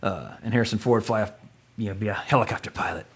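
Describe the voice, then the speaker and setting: Fast-talking rambling man. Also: on the low side, breathy edge. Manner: rambling, excitable, joking. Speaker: podcast co-host. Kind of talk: casual movie podcast chat.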